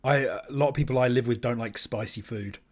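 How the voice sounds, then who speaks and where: A man's voice: medium pitch, brisk. A man from the UK co-hosting a podcast in casual chat, talkative and full of questions. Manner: chatty, asks lots of questions. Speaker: podcast co-host.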